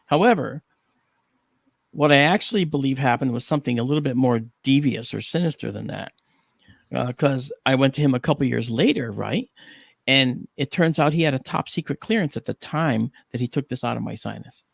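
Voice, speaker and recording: A middle-aged man on a talk panel, telling a story with animated, acted-out dialogue and frequent 'okay?' check-ins. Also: mid-range voice, brisk, creaky, no room sound, clean studio sound. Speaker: panel guest.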